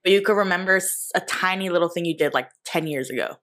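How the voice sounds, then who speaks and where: A woman's voice: on the low side, quick pace, fairly bright tone. A woman in casual podcast chat, asking quiz questions, rambling and laughing often. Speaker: podcast co-host running a quiz.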